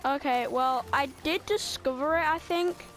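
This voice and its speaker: A high-voiced woman talks through a video game in a casual, rambling way, full of "uh"s and blunt, offhand remarks. Game music plays clearly under her voice. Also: measured pace, a bit bright. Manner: rambling, filler-heavy, blunt. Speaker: gameplay host. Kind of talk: casual gameplay commentary.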